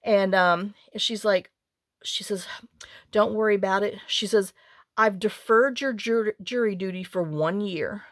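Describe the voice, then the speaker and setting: A woman's voice: medium pitch, unhurried, no room sound, clean studio sound. Chatty woman telling a long story. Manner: rambling, animated, with many restarts and quoted dialogue. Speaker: craft channel host. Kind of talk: casual chatty storytelling while crafting.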